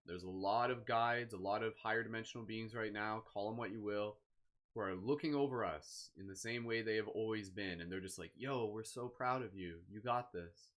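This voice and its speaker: A man leading a live guided meditation, speaking slowly and soothingly with gentle encouragement. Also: fairly low pitch. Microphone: live stream microphone.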